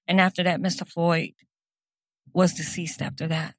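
A woman's voice: on the low side, level tone, moderate pace, pauses often, dry recording. A woman giving an impassioned personal address, speaking earnestly and emphatically and repeating phrases for stress.

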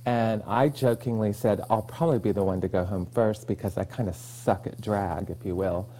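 A man's voice: on the low side, moderate pace. A man from Oklahoma, a guest on a podcast, telling stories in casual chat and acting out the lines he quotes. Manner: animated storyteller, acts out quoted lines, laughs easily.

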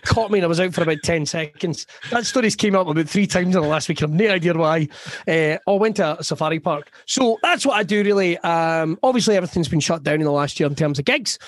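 Scottish comic, man, higher-pitched, dry close sound, swears and riffs. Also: fast talker, dry recording. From Scotland (Ayrshire). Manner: swearing, jokey, self-mocking storyteller. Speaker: stand-up comedian, guest. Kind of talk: casual podcast chat.

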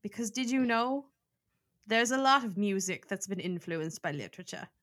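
A woman's voice: medium pitch, lively intonation, normal speed, fairly bright tone. A young woman in her twenties co-hosting a podcast, chatty and self-mocking, laughing often. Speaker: podcast co-host. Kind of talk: casual chat.

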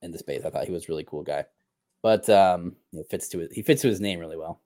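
A man appearing as a podcast guest, talking in easygoing, halting casual chat with lots of fillers. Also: low voice, dark tone, no room sound, clean studio sound. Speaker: podcast guest and host of other shows.

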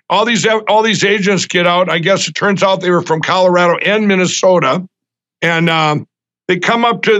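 High, bright-voiced man recounting heatedly. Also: highs cut off. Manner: agitated, acts out quoted dialogue, frequent restarts. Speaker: guest recounting an event. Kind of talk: animated storytelling in an interview.

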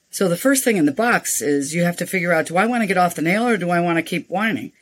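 An older woman, a nonprofit founder, speaking as an interview guest and telling frank, animated stories. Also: on the low side, fast, few pauses. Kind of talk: interview storytelling.

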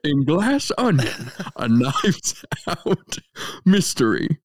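Man putting on a drawling Southern gentleman narrator. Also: on the high side, big pitch swings, no echo, studio quality, exaggerated voice. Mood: grandiose. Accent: Southern US put-on, Savannah. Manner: drawling, slow and grandiose. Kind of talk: mock movie-trailer narration.

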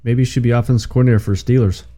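Casting: male sports podcast co-host, warm mellow tone, laid-back, short replies. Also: medium pitch, fairly even intonation, rapid-fire. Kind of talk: casual sports chat.

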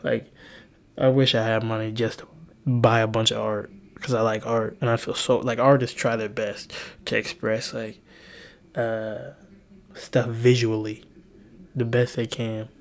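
A tired young man hosting a solo podcast, talking in a hushed, half-whispered way, rambling and swearing with little laughs. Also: mid-range voice, level tone, a little slow, vocal fry. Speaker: podcast host. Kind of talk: solo late-night podcast monologue.

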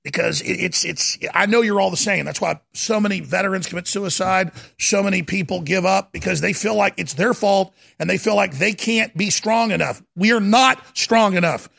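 A man hosting a talk radio show, ranting fiercely and stammering as he swings from shouting to low muttering. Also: normal speed, creaky, hardly any pauses. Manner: fiery, stammering restarts.

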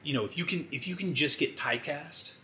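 A man's voice: fairly high pitch, a little fast, pushed and bright, a little hiss or hum. A man co-hosting a podcast in a casual chat, laid-back, swearing freely and often laughing as he talks. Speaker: podcast co-host.

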